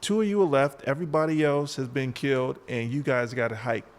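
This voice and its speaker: A man's voice: medium pitch, brisk. A man who is a podcast guest and father, giving firm advice through stories in casual chat. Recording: reverberant room.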